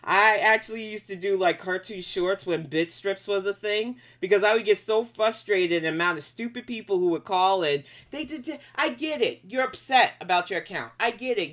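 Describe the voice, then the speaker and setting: A woman's voice: mid-range voice, expressive, normal speed, fairly bright tone. A woman hosting a casual live stream, reacting to videos and bluntly scolding trolls in her chat.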